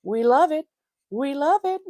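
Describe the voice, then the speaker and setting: A woman's voice: sits high, lively intonation, unhurried, warm tone, slight background noise. A woman hosting a casual livestream, chatting with viewers, laughing often and calling them darlings. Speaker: livestream host.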